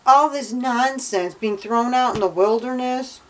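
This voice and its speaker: A woman's voice: a little high, unhurried, low-quality recording. A young woman vlogging about her Bible reading, retelling the stories in a casual, indignant and sarcastic way. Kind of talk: casual commentary.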